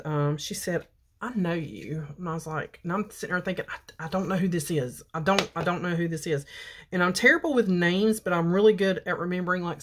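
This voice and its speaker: A woman, chatting and telling a story while she does her makeup for a beauty vlog. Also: on the low side. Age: 50s. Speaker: beauty vlogger. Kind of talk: casual makeup chat.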